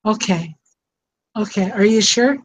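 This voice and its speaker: Speaking a little slowly in a mid-range, slightly rough voice, an older woman shares a sincere story about her life as a grandmother and about estranged parents. She is heard over an online call mic that echoes.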